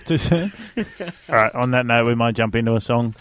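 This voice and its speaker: A man's voice: medium pitch, moderate pace, fairly bright tone, no room sound. Man, breakfast radio host, joking chatty banter, dry close studio sound. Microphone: studio microphone.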